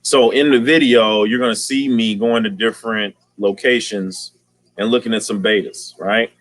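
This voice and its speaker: A man's voice: on the low side, fairly even intonation, normal speed, a bit bright, dry recording. A man hosting a casual aquarium livestream, talking in slang and greeting viewers by name.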